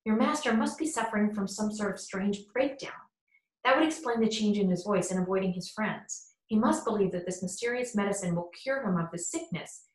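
A woman reading the lines of a skeptical, sharp-tongued middle-aged male lawyer in an audiobook. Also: medium pitch, a little fast, natural voice. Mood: grave. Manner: questioning, rather sharp. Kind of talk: audiobook character voice. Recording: roomy echo.

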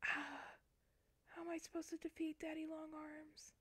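A woman streaming a game, talking to her chat as she plays. Her voice sits high and bright, and she takes her time between lines even when she gets jumpy. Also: takes it slowly, no echo. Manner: jumpy, chatty, talks to her chat while playing. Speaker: Twitch streamer. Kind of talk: live gameplay commentary.

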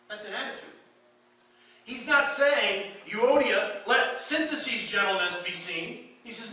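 A man's voice: high voice, unhurried, sharp tone, heavy reverb. A man preaching a sermon as pastor, emphatic, rising and falling in intensity, recorded from a distance in a church sanctuary.

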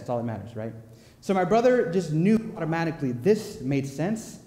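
A young man preaching a sermon in a church, telling personal stories in a playful, animated way with quick asides. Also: fairly high pitch. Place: church sanctuary. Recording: echoey church hall.

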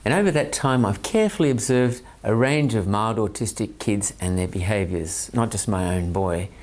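A man's voice: on the low side, lively intonation, moderate pace, a little mellow. A man with an Australian accent, a parent presenting a scripted talk in an earnest, methodical way, counting off his points by number. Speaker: parent and autism training promoter.

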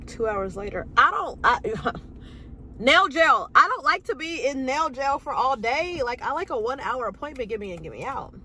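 Sassy, animated woman vlogger. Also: high voice, moderate pace, husky. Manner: animated, sassy, acts out quoted voices. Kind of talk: casual storytelling to camera.

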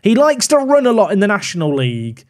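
A young man casually commenting on a management game as he plays, thinking aloud with wry asides. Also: quick pace. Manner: musing aloud, wry asides, animated pitch swings. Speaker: gaming YouTuber.

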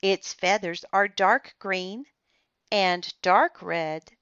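A woman reading a children's chapter book aloud in a slow, careful and expressive manner. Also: mid-range voice, clean tone, no room sound. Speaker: storybook reader. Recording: slightly dull, muffled recording.

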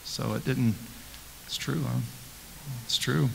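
A male pastor leads a Bible study in a loose, conversational way, stopping to ask rhetorical questions and often restarting his sentences. His voice sits at a middling pitch for a man. The sound rings with the long reverb of a church sanctuary. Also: slow pace, vocal fry, a little hiss or hum.

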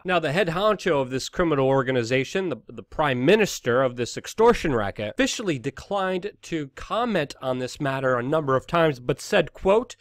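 A man's voice: on the high side, sing-song, normal speed, hardly any pauses, no echo, clean studio sound. A man hosting an online news commentary, talking in an indignant, emphatic and sometimes sarcastic way. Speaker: host.

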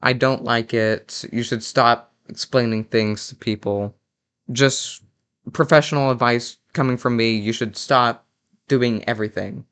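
A young man with a smooth, resonant, mid-pitched voice delivers a mock-critical reaction commentary. He sounds sarcastically outraged and often trips over his words, restarting sentences as he fakes indignation. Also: fairly even intonation, measured pace, fairly bright tone. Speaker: parody commentator.

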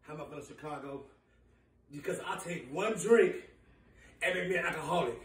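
A man playing a furious, foul-mouthed woman who runs a big city, ranting in shouts and laughter. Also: fairly high pitch, a little fast, close to an everyday voice. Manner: shouting, profane, laughing rants. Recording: echoey room, voice from far off.

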